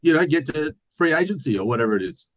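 A man's voice: fairly high pitch, big pitch swings, fast talker, dry recording, low-quality recording. An Australian man co-hosting a casual sports podcast, rambling and joking as he reads listener mail. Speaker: podcast co-host. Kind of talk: casual chat.

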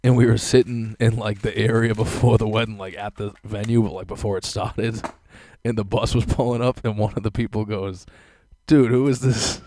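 A man's voice: fairly low pitch, level tone, moderate pace, few pauses, dark tone, a little hiss or hum. A man telling casual anecdotes, swearing and laughing through his stories. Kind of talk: casual storytelling.

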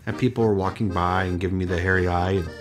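A Canadian man hosting a podcast, telling a story in a lively, self-deprecating way. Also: sits low, fast, soft background music. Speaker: podcast host. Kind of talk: casual storytelling chat.

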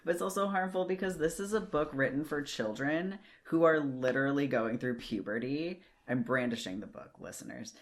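A person in their thirties co-hosting a podcast on a video call, speaking into their own microphone, slow and thoughtful, drawing words out and getting riled up when annoyed. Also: mid-range voice. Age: 30s. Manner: slow and thoughtful, stretches words while thinking, gets riled up. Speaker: podcast co-host. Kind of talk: casual chat.

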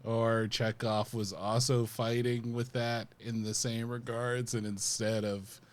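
A man's voice: mid-range voice, slow pace. A man chats casually about a film, as a devoted fan who relives favorite scenes with energy. He talks in a plain, everyday voice. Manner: enthusiastic fan, animated retelling. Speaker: podcast co-host. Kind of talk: casual movie discussion.

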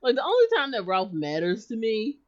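A woman's voice: fairly high pitch, big pitch swings, brisk. A woman co-hosting a casual show recap, blunt and firm in her opinions. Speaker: podcast co-host. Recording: slightly dull, lo-fi mic.

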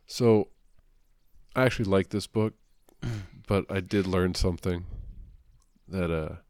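A man, co-hosting a casual comic book podcast, rambling with many fillers and quick impressions. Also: low-pitched, darkish tone, no room sound, studio quality. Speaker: podcast co-host.

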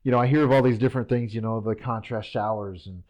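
A man's voice: lowish voice, fairly even intonation, fast, darkish tone, highs cut off. A man who is a professional athlete, answering in a casual interview in an easygoing way, laughing often. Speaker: professional Highland Games athlete guest.

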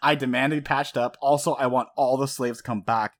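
A man's voice: mid-range voice, fairly even intonation, a little fast, lightly acted. A man doing a spoiled, bossy aristocrat. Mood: demanding. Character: spoiled, entitled aristocrat man, wounded and demanding.

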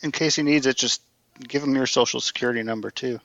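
A gravelly-voiced man from Tennessee co-hosting a casual podcast. He makes dry jokes and hesitates with uhs. The recording is dull and lo-fi, close and dry. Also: mid-range voice, fairly even intonation, fast, fairly bright tone, no echo. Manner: dry, joking, hesitant fillers. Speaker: podcast co-host. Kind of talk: casual chat over drinks. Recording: dull lo-fi sound.

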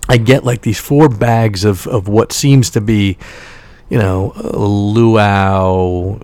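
Gravelly low-voiced man telling a story. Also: darkish tone, dry recording. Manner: candid and self-critical, acting out quoted exchanges. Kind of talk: casual personal storytelling.

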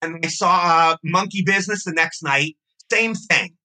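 A man's voice: fairly high pitch, normal speed, sharp tone, poor audio. A man in his sixties, a guest actor, telling stories in a casual interview with gushing enthusiasm.

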